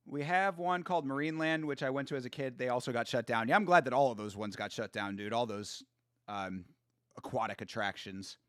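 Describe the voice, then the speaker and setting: A man hosting a casual live watch-along, excitable and profane, trash-talking fighters, reading viewer chat aloud and laughing often. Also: mid-range voice, a little fast, no room sound, clean studio sound. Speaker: host.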